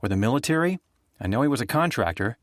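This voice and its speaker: A man's voice: medium pitch, animated, fast talker, no echo, studio quality, close to an everyday voice. Man voicing a tense, grieving ex-professor. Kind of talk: audiobook character voice.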